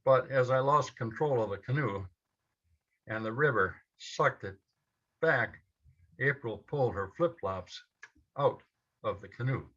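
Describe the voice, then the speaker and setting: A man telling a personal story to a live audience, slowly and in short measured phrases. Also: mid-range voice, expressive, fairly bright tone, slightly rough. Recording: dull lo-fi event recording.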